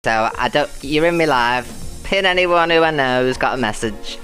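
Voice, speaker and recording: A woman's voice: rumbling low, expressive, normal speed, fairly bright tone, soft background music. A woman chatting casually on a live stream, greeting and thanking her viewers by name and turning defiant about an abuser. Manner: chatty, greets viewers and calls them loves and babes.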